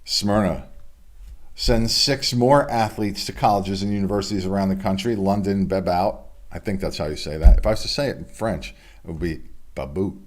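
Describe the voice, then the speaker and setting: Deep-voiced man reading local sports news. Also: moderate pace. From United States. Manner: chatty, offhand asides between announcements. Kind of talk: casual local sports report. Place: home studio.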